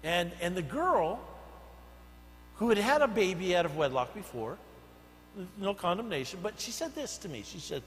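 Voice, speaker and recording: An older man, a senior pastor, preaching a sermon, telling stories and swinging between soft asides and loud emphatic bursts. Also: sits high, big pitch swings, normal speed, big-room sound, a little hiss or hum, poor audio. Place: church sanctuary.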